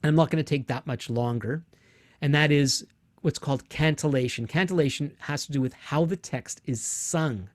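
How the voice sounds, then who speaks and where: A man's voice: fairly high pitch, moderate pace, dry recording. Man teaching a Bible class, dry sound. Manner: explanatory, patient, with frequent restarts. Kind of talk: online lecture with screen share.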